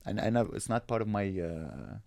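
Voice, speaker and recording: A man's voice: lowish voice, sing-song, normal speed, creaky, mellow, no echo. A man, a comedian hosting a podcast, chatting casually and reflectively, often restarting as he searches for words. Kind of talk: casual chat. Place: podcast studio.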